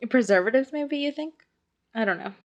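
A woman co-hosting a podcast, reacting and chiming in with quick jokes. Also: a little high, animated, muffled recording. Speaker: podcast co-host. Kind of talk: casual podcast chat.

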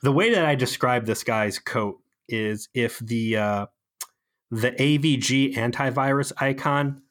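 A man co-hosting a casual comedic podcast, recapping a TV episode with sarcastic, animated storytelling and plenty of fillers. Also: mid-range voice, a little slow. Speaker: podcast co-host.

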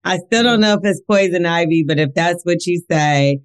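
A woman's voice: lowish voice, moderate pace, clear, resonant tone. A woman co-hosting a podcast, teasing her co-host in casual chat and laughing easily.

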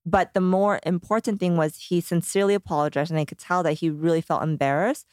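A woman co-hosting a podcast in casual chat, telling a story in an animated way and acting out what people said. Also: lowish voice, fast talker, clear, resonant tone, no room sound, studio quality. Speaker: podcast co-host.

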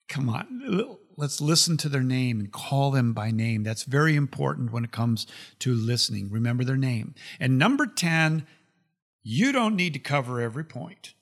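A man hosting a show, giving an animated, casual teaching talk, laughing often and repeating phrases for emphasis. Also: mid-range voice, normal speed. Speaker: podcast host.

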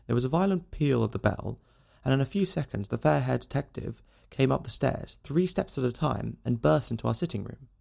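A man narrating a classic novel in a steady storytelling delivery. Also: mid-range voice, brisk, gravelly, hardly any pauses. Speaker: audiobook narrator.

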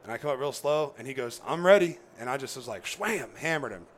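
A man, a former pro football player, telling an animated hunting story, laughing and acting out what others said. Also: medium pitch, fast. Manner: excited, laughing, acts out quoted voices.

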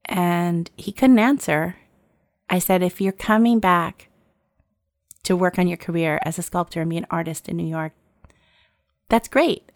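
A woman's voice: on the low side, moderate pace, pauses often, no room sound, clean studio sound. A woman in her forties telling a personal story in casual conversation, acting out the dialogue and laughing often. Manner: lively storyteller who acts out quoted dialogue and laughs often.

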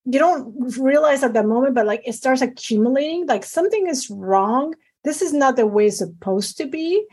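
A middle-aged woman physician talking in a casual interview, animated and emphatic, with many fillers. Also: sits high, moderate pace, few pauses, husky. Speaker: physician guest.

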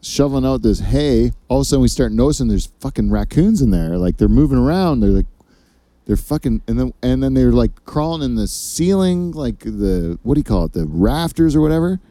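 A male podcast host with a mellow, dark voice tells loose, rambling stories and swears freely. The recording is dry and close. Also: medium pitch, lively intonation, fairly quick, dry recording. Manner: rambling, profane storyteller. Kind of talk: casual comedy chat.

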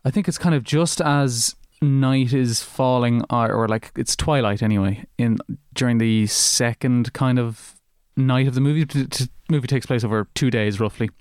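A man's voice: medium pitch, normal speed, few pauses, darkish tone, no echo. Male co-host, loose rambling delivery, dry close recording. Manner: rambling, many fillers and restarts. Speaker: podcast co-host. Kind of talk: casual film discussion.

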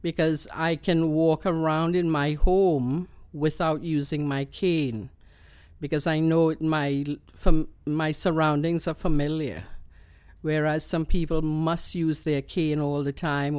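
Trinidadian woman, smooth and dry. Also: low voice, flat delivery, a little mellow, no echo. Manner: earnest, explanatory, measured. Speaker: guest. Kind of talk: conversational interview.

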